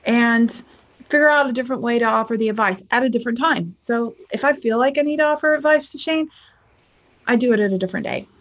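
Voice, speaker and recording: A woman's voice: on the high side, quick pace. A woman life coach giving casual relationship advice in a chatty storytelling manner, acting out bits of dialogue. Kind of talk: casual advice talk to viewers.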